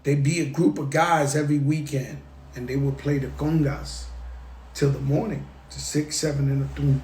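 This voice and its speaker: A man from the Bronx with a New York accent, talking in an emphatic, animated way as he tells stories on a casual live stream. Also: on the high side, normal speed, reverberant. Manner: emphatic, animated storytelling with call-outs to viewers. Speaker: rapper speaking on a live stream. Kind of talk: casual motivational monologue.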